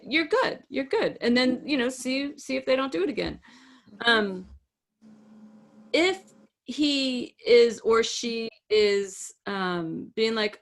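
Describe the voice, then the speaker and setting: A woman's voice: on the high side, lively intonation, takes it slowly, a bit bright. A woman co-hosting a podcast, giving firm, direct advice in casual chat and acting out example lines. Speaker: podcast co-host, relationship coach.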